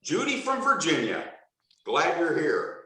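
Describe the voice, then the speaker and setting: A man hosts a video call, welcoming people one by one with playful, enthusiastic banter. His fairly high voice swings up and down a lot. The sound is very echoey and distant, as if the mic sits far away in a bare room. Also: wildly swooping pitch, a little slow, fairly bright tone. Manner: enthusiastic, jokey, repeats greetings. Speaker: host of a video call meeting. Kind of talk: upbeat welcome roll call.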